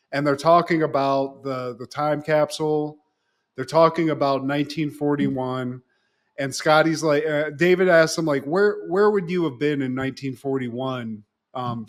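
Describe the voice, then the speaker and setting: Male podcast co-host, slightly high voice, lively and profane, recapping a TV episode. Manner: animated, swears freely, acts out characters' lines. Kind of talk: casual recap chat.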